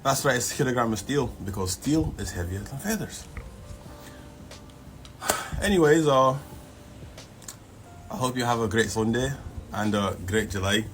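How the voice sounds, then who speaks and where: A man, joking deadpan to the camera. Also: medium pitch, unhurried, pauses often, soft background music, low-quality recording.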